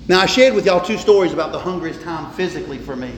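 A man preaching from the pulpit, his voice pitched high and carrying emphatic, repeated phrases. The sound rings with long reverb in a roomy church hall. Faint ambience stays in the background. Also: lively intonation, slight background noise. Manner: emphatic preaching, repeats words, slows for stress. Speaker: pastor. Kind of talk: sermon.

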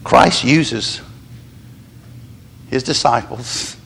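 A man's voice: medium pitch, extremely slow, gravelly, fairly bright tone, slightly rough. A man, a pastor preaching a sermon earnestly and repeating words as he stresses each point. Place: church sanctuary. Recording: long hall reverb.

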